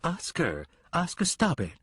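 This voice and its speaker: A man voicing a frightened, tearful frontier woman, raising his pitch and pleading. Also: big pitch swings, slow, husky, no echo, clean studio sound, heavily acted.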